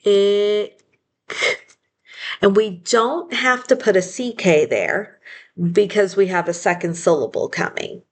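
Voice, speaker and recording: A woman with a husky, mid-range voice gives a phonics lesson at a slightly slow, animated pace, dictating carefully. She patiently sounds out each word syllable by syllable, correcting herself along the way with small apologetic asides.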